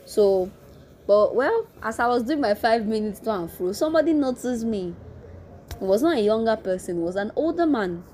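A young woman in her twenties with a Nigerian accent, telling a personal story in a casual, animated way, laughing often and restarting her sentences. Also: fairly high pitch, moderate pace, slight background noise.

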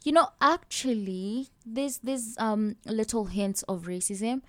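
A woman's voice: fairly high pitch, takes it slowly, fairly bright tone. A young woman with a Kenyan accent talking openly about her own experiences in a casual podcast chat. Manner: open, personal, laughs while telling stories.

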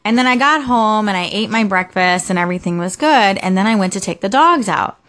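A woman's voice: medium pitch, animated, fairly quick, a bit bright. A young adult woman vlogging casually about her day, rambling with lots of fillers and restarts. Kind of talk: casual personal storytelling.

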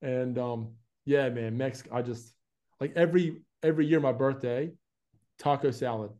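A man's voice: medium pitch, normal speed. A young man from Florida with a mixed American and Australian accent, chatting casually as an interview guest. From United States, Florida. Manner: relaxed, chatty, says "man" and "like" a lot. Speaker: guest, YouTube advertising specialist.

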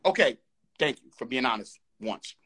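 A man's voice: mid-range voice, animated, moderate pace, gravelly, pushed and bright, breathy edge. A man arguing heatedly on a live call, insistent and repeating himself as he talks over the others. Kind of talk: heated argument.

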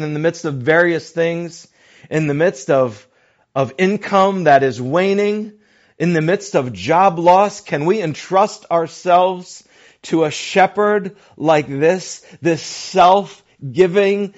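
Slow, deliberate preaching man. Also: fairly high pitch. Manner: slow, deliberate preaching with dramatic drops to near-whispers. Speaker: pastor. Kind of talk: sermon. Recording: dull lo-fi recording.

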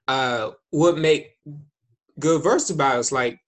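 A man's voice: mid-range voice, takes it slowly. A man co-hosting a casual chat, laid-back and persuasive. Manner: laid-back, persuasive, keeps saying "hey, look". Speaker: co-host.

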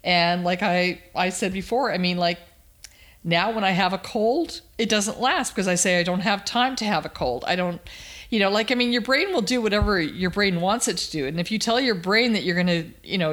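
A woman telling stories as an interview guest, animated and emphatic. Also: medium pitch. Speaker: guest, cancer survivor. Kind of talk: storytelling interview.

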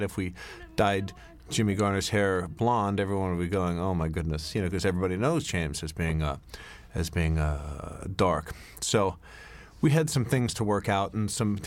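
Middle-aged man, very low voice, rambling director's commentary with lots of uhs and restarts. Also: no room sound. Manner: rambling, anecdotal, many fillers and restarts. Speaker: film director. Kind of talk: DVD commentary.

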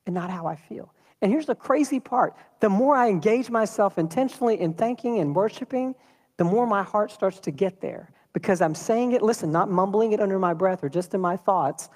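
A man preaching a sermon in a church, talking in a lively, conversational way and throwing rhetorical questions at the congregation. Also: high-pitched, moderate pace, in a large hall. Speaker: pastor.

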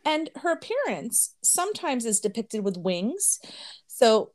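A woman's voice: a little high, sing-song, unhurried, darkish tone. A woman co-hosting a podcast in casual chat, giggling often while she tells a story and reads her notes. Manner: giggly, chatty, lots of laughing. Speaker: podcast co-host.

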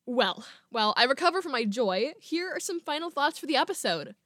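A woman podcast host with a fairly high voice talks in an excitable, playfully self-mocking way. She also reads a short piece aloud in the same voice. The recording is dry and close, with no room sound. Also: a little fast, no echo. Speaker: student. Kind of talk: chatty podcast talk with a story reading.

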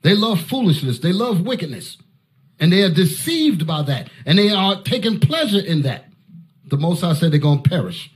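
A man preaching Bible teaching with fiery force, breaking into loud shouted outbursts and barking commands at a reader. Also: high-pitched, very animated, moderate pace.

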